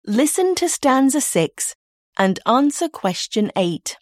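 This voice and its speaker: A woman reads listening-test instructions in a slow, deliberate, clear way. Her voice is high and moves up and down a lot. The sound is dry and close to the mic. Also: very animated, darkish tone, no echo. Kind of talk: scripted exam narration.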